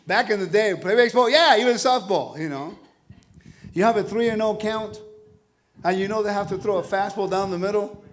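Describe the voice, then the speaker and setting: A man teaching a congregation, lively and animated, often asking his listeners questions. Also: high-pitched. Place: congregation hall.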